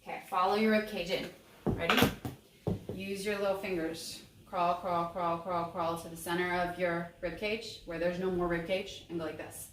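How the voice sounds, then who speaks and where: A woman voice teacher with a fairly low, flat-sounding voice gives a lesson at normal speed, staying upbeat and encouraging and singing examples. The mic is set back in a roomy space, with faint ambience and a noisy background.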